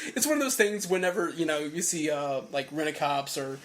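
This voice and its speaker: Man, high voice, animated, laughing a lot, casual podcast chat. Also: a little fast. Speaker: podcast co-host.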